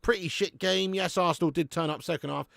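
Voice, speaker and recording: English guy hosting a live match watch-along, gravelly, chatty, calls everyone mate, dry mic. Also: high-pitched, steady tone, brisk, a bit bright, dry recording. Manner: casual banter reading chat comments; laughs often, calls people mate.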